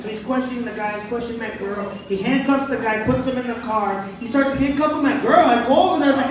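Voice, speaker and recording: A man doing a stand-up comedy set and hosting the show, telling crude stories in a brash, animated way. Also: extremely high pitch, fast talker, few pauses, recorded from a distance, background noise. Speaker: stand-up comic and show host. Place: small comedy club stage. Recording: echoey room miked from afar, crowd heard. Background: audience laughter.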